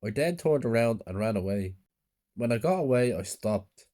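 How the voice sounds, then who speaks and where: Male narrator, subdued horror storytelling, mellow, mid pitch. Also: animated, moderate pace.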